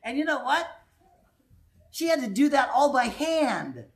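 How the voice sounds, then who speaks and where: A man preaching a sermon in a conversational, animated way, with sudden quiet asides. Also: very high voice, measured pace. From United States.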